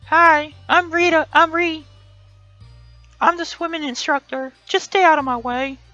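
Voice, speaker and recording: A man's voice: very high voice, fairly even intonation, unhurried, pushed and bright, no room sound, highs cut off, faint music behind, voice pushed up, exaggerated voice. A man voicing a cold, aloof young woman swimming instructor in a raised voice, curt and dismissive, reading from a dating game.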